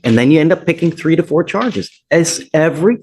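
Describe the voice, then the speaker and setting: Judge, stern, courtroom bench, rattles off charge lists, mid-pitched voice. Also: animated, fairly quick, a little mellow, husky.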